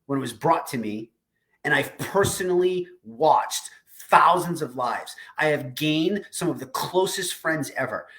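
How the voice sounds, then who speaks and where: A man's voice: a little high, a bit bright. A man hosting a weekly diet community livestream, giving a passionate, emphatic pep talk full of repeated phrases and casual swearing. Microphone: video call streaming setup.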